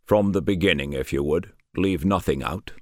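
A man's voice: low-pitched, moderate pace, darkish tone, no room sound. A man voicing a shrewd, rotund male colonel in his sixties, putting dry, probing questions in an audiobook.

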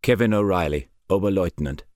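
Earnest german defector officer read by a man, low voice, guarded, audiobook. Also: fairly quick, a little mellow, dry recording, clean studio sound, close to an everyday voice.

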